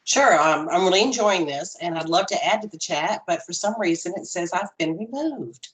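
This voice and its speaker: A woman from Texas with a Texan accent, chatting politely and softly on a video call. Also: lowish voice, expressive, moderate pace, breathy edge, poor audio. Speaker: meeting participant. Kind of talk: casual chat on a call.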